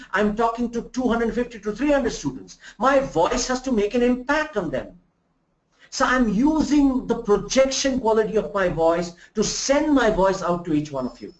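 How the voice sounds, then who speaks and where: A man from India teaches a remote class on soft skills, his voice high and lively as he poses rhetorical questions and acts out examples. The sound is roomy and dull, like a lo-fi recording in an echoing room. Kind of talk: live remote lecture. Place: room in Bangalore.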